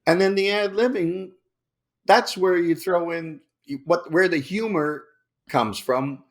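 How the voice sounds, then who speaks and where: A man from Canada, a guest actor, telling animated anecdotes and acting out lines in put-on voices, swearing freely. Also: sits high, unhurried.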